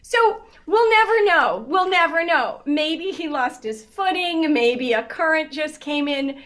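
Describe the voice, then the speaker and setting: Speaking a little slowly in a high voice, a woman in her fifties guests on a casual interview and tells animated stories, laughing frequently and leaning on many fillers.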